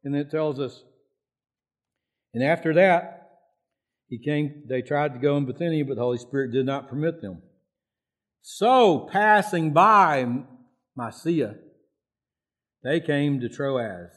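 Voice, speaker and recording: A man's voice: mid-range voice, moderate pace, long pauses, a little mellow. A man preaching a sermon in a folksy, repetitive way, raising his voice to act out prayers. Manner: acts out prayers in a raised voice. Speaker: pastor.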